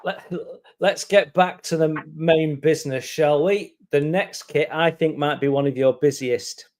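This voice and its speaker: A man's voice: a little high, fairly even intonation. Joking man calling bids. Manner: joking, teasing, brisk. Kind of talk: casual live-stream chat.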